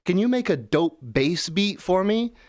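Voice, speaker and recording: A man's voice: high voice, big pitch swings, a little slow, a little mellow, no room sound, studio quality, voice pushed up. A man playing a clueless, eager amateur music maker who fawns over an AI helper. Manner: fawning, pleading requests.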